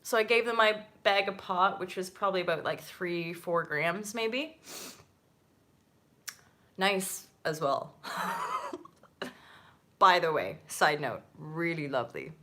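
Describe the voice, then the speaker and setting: A woman hosting her own channel, telling a story in a casual, animated monologue, full of asides and freely swearing. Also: on the low side, slow pace, long pauses. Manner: chatty, with many fillers and asides. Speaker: channel host.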